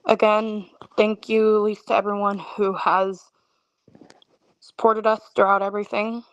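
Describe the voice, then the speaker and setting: A woman in her twenties venting to viewers in a casual way, tired and stressed, halting and stammering as she restarts her sentences. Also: mid-range voice, level tone, dry recording, lo-fi sound. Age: 20s. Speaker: content creator.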